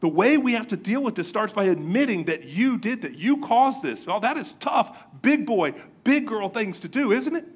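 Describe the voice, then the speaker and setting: With a high, slightly breathy voice, a Florida man preaches his sermon as pastor at normal speed, barely pausing at all. In church, he energetically tells jokey childhood stories, an animated storyteller who loves a laugh.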